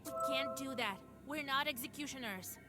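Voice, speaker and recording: An actress playing a resolute young woman demon hunter in a video game, speaking calmly and firmly. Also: high-pitched, normal speed, loud music behind the voice, natural voice. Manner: calm, firm. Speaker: game character.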